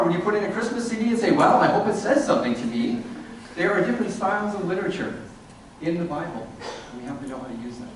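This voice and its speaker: A man's voice: high-pitched, a little hiss or hum. A man giving a humorous, sarcastic lecture to an audience. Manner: sarcastic, animated. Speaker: speaker giving a talk to an audience. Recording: echoey hall, distant mic.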